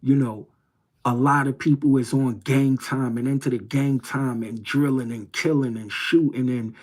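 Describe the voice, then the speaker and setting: A man's voice: mid-range voice, fairly even intonation, moderate pace. A middle-aged man from New York City telling a personal story on a livestream, in a rambling, streetwise way that repeats its phrases. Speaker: livestream host. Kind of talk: casual storytelling.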